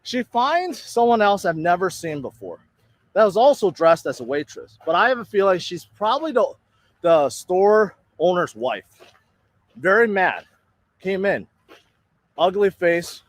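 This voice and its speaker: In a played clip, a high-voiced man tells the story of a restaurant bill with great animation but no hurry, the recording dry. His casual rant is indignant, laying out his side of a dispute.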